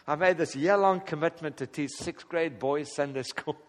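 A man leads a relaxed Bible study, his fairly high voice carrying a long echo around the hall. He chuckles often and slips into dramatic voices for the prayers he quotes. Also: unhurried. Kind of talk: casual Bible teaching to a group.

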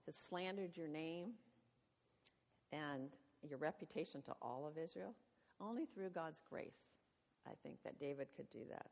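A woman's voice: low-pitched, darkish tone. A woman retelling a Bible story to her study group, chatty and humorous, laughing at her own jokes. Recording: long reverb of a hall.

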